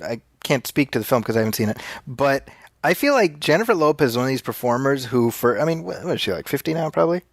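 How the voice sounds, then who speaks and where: A man's voice: medium pitch, lively intonation, no echo, studio quality. A man in his forties co-hosting a podcast, chatting casually with wry humor and many restarts. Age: 40s. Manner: halting, restarts phrases, wry. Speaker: podcast co-host. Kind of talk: casual chat.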